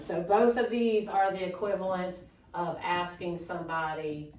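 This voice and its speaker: A woman teaching a Spanish class, slowly modeling phrases for students to repeat. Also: medium pitch. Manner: patient, slow modeling of phrases. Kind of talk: classroom lesson. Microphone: phone camera propped on a water bottle. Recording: echoey classroom.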